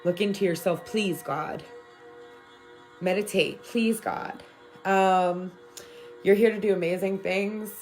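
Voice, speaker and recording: A woman's voice: mid-range voice, steady tone, takes it slowly, pauses often, darkish tone. A woman talking casually on a tarot livestream, loose, affectionate and profane, rambling through spiritual encouragement. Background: faint music.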